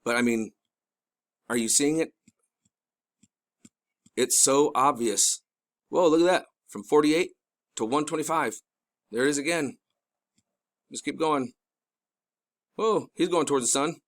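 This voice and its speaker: A middle-aged man talks over a video in an urgent, pleading way, stopping and restarting his thoughts. He jumps into excited bursts, then drops low to beg his listeners to look closer. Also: a little slow, long pauses. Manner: rambling with restarts. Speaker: video host. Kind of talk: casual narrated commentary.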